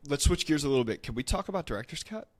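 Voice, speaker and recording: Excitable rambling podcast host, a man. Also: fairly high pitch, racing. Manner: excitable, rambling, lots of "like" and swearing. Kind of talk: casual podcast interview.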